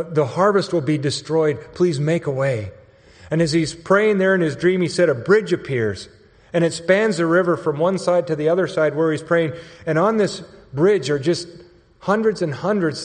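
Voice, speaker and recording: A man telling a story in a sermon, speaking in a conversational, earnest way, with a long hall reverb around him. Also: on the high side. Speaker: mission staff speaker.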